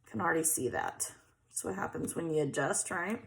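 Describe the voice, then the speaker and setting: A woman's voice: low voice, expressive, normal speed, gravelly, a bit bright. A chatty woman, hosting a casual crafting tutorial and often checking in with "okay?".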